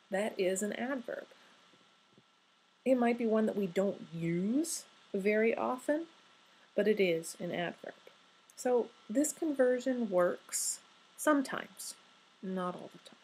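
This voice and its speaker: A woman's voice: medium pitch, a little mellow, husky, poor audio. Wry conversational woman lecturing on grammar. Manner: wry, conversational, asks rhetorical questions. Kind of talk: recorded lecture.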